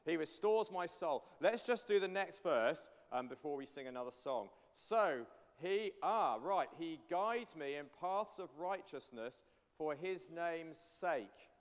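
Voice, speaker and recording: A man's voice: fairly high pitch, expressive, takes it slowly. A man leading a church congregation through a psalm, coaxing them to repeat lines after him. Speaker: pastor. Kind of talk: interactive sermon teaching a psalm. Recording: long church reverb.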